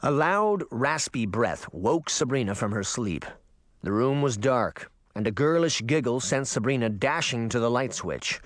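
A man narrating an audiobook with expressive, dramatic storytelling. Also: medium pitch, measured pace, dry recording, studio quality. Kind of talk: audiobook reading.

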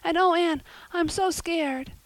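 A woman's voice: extremely high pitch, slow, no echo, voice pushed up. A woman voicing a frightened young girl in a story reading, pleading and near tears.

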